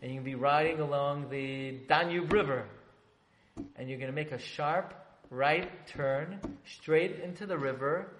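A man's voice: on the high side, measured pace, a bit bright. A man voicing a stern old sage, scolding. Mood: commanding. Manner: emphatic, scolding, then commanding. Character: stern elderly male sage, exasperated. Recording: echoey room, faint background noise.

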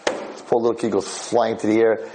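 A man, a rabbi lecturer, giving a sermon through an animated, dramatic story told with quick restarts. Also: lowish voice, low-quality recording.

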